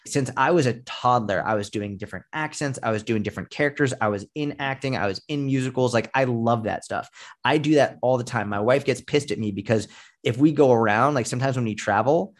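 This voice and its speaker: A man's voice: medium pitch, fairly quick. A man speaking as a fitness coach guest in a casual podcast interview, blunt and emphatic, with frequent swearing.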